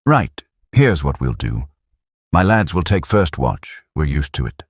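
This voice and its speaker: Welsh sergeant, blunt and practical, husky , voiced by a man. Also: a bass voice, big pitch swings, a little slow, no echo, heavily acted. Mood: brisk.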